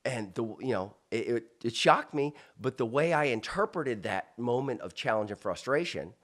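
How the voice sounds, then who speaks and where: A man from South Florida, an interview guest, telling a personal story in an animated way with many restarts and asides. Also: mid-range voice, normal speed.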